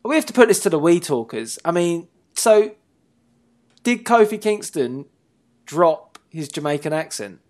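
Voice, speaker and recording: A man's voice: a little high, big pitch swings, unhurried. A man hosts a wrestling talk show in easygoing chat. His voice swings widely up and down as he teases his co-host, laughs often, and lets sentences trail off before he picks them up again. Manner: playful and teasing, laughs often, wanders mid-sentence. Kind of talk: casual chat.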